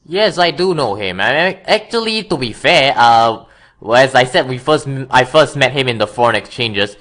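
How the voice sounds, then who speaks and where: A man's voice: mid-range voice, animated, normal speed, fairly bright tone. A man chatting casually as a guest, often correcting himself with wry remarks. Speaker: YouTuber guest. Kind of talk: casual chat.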